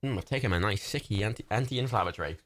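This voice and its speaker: A man's voice: on the low side, very fast, a bit bright. A man hosting a livestream watch party, giving casual, chatty commentary over a film, swearing freely and breaking into laughter. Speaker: livestream host.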